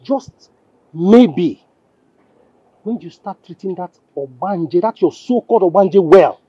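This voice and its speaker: A man's voice: high-pitched, lively intonation, slow pace, dark tone, slightly rough, no echo, muffled recording, heavily acted. An actor playing a stern husband with a Nigerian accent, warning his wife. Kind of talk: Nollywood film acting.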